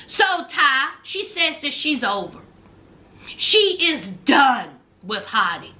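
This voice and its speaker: A woman with a very high, bright voice, recapping reality TV for her viewers. She talks slowly, with a lively, swooping delivery and full of sassy, sarcastic asides. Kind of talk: casual reality show recap commentary.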